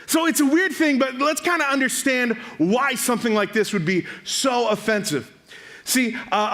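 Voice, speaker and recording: Young man, preacher, casual joking sermon, fairly high voice, acts out dialogue. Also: fairly bright tone. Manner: casual, joking storyteller acting out quick dialogues. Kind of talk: youth sermon.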